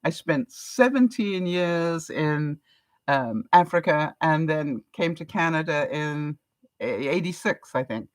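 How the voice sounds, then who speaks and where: Taking her time, an older vlogger from England chats casually on a live stream in an English accent, reading viewer comments aloud and frequently laughing. Her voice is low-pitched and expressive, with no echo.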